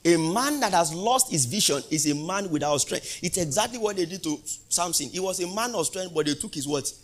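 Male pastor, sermon delivery, slightly high voice, call-and-response, emphatic crescendos. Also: expressive. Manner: call-and-response preaching, rising to loud emphatic peaks; repeats questions to the congregation, drawn-out emphasis.

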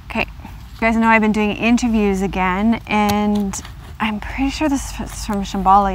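A woman host talks through her vlog from a car, unboxing gifts and gushing with delight. Her voice sits at an ordinary middle pitch and often jumps higher as she gasps and exclaims. A faint background noise runs under her voice. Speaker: yoga vlogger.

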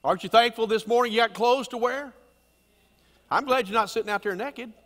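A man's voice: very high-pitched, a little fast, fairly bright tone, in a large hall. A middle-aged male pastor preaching a sermon in a folksy, conversational manner, often asking the congregation questions. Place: church sanctuary.

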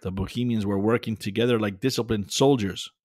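A man narrating a children's adventure story in a calm, measured way. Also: lowish voice, no echo, clean studio sound. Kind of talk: scripted narration.

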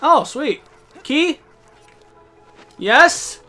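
A young man playing a video game with a friend, loud, crude and quick to yell at the game. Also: very high voice, very animated. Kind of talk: casual gaming chat. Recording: game music behind.

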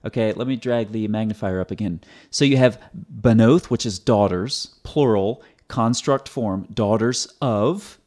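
A man's voice: fairly low pitch, unhurried, few pauses, a little mellow. A man hosting his own video, giving a teaching commentary in a sarcastic, explanatory way and often repeating words as he restarts. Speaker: host.

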